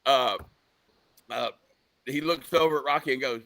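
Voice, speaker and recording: A man guesting on a motorcycle talk show, telling animated stories and laughing as he goes. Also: medium pitch, moderate pace. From United States. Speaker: guest, motorcycle engine builder. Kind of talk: casual chat.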